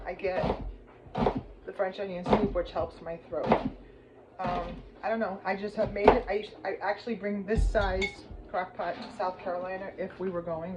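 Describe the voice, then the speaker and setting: A woman casually chatting through a slow cooker recipe in her home kitchen, rambling with lots of fillers and asides. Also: medium pitch, noisy background. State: teary from cutting onions. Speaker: home cooking vlogger. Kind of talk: casual cooking demonstration.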